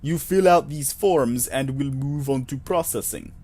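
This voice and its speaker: Man doing a slow, polite clerk, faux Russian accent, creepy office. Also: medium pitch, a little mellow, slight background noise, close to an everyday voice. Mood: coolly polite. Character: towering man, eerie bureaucratic clerk, calm.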